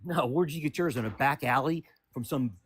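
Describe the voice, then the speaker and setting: A man's voice: mid-range voice, brisk, husky. A man calling into an online debate, combative and interrupting, often stumbling over restarts. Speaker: call-in debate guest.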